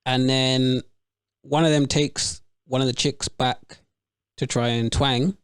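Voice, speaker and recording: A man's voice: mid-range voice, fairly even intonation, slow, clear, resonant tone, no echo, clean studio sound. A man, hosting a casual podcast chat and telling stories in slang. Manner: slangy storytelling, mimics voices. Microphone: remote call, close mic.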